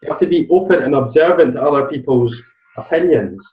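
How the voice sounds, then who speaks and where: A man's voice: a little high, a little fast. A man coaching on a call, blunt and swearing as he presses with questions. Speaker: life coach. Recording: tinny phone line, distant and echoey.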